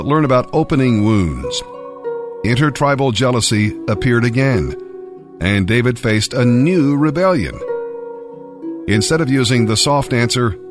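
A man hosting a daily Bible reading, introducing the passage and then narrating it in a measured, solemn way. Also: medium pitch. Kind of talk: scripture reading.

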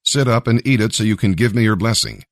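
A man's voice: fairly low pitch, quick pace, creaky, dry recording, studio quality. A man reading the part of a grown son who pleads and speaks bitterly. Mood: plain.

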